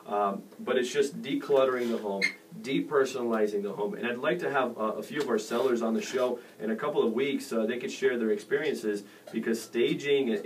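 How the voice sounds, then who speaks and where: A middle-aged man hosting a real estate radio show, giving advice in a rambling way with many fillers and restarts. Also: medium pitch. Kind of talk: casual radio advice talk. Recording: distant mic with faint noise.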